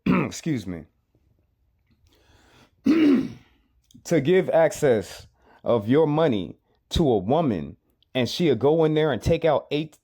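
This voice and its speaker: A man's voice: on the high side, dark tone. A man giving reaction commentary on a clip, emphatic and repetitive, often asking rhetorical questions.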